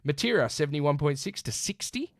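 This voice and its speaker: Casting: Australian man, sports podcast co-host, bouncy and animated intonation, close dry sound, reels off stats. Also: on the high side, brisk, no room sound. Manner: animated, rattles off stats, says mate a lot. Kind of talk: casual sports chat.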